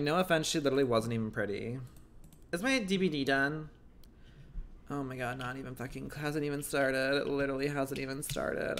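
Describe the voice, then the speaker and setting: A man's voice: mid-range voice, fairly bright tone, a little hiss or hum. A man livestreaming, chatting casually in a blunt, catty and profane way. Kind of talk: casual chat.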